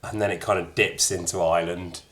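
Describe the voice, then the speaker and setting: Chatty, self-mocking man at a low pitch. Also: fairly even intonation, brisk, a bit bright, slight background noise. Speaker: streamer and voice actor. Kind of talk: let's-play commentary.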